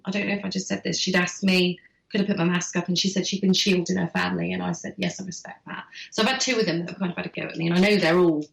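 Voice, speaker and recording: A woman host chatting casually and telling a personal story in a candid, animated way. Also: medium pitch, gravelly. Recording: roomy echo.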